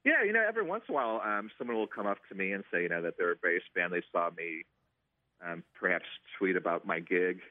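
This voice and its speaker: Deep-voiced man on a tinny phone line. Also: lively intonation, fast, no echo. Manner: hesitant, many ums and restarts. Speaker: stadium organist. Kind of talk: casual interview answers.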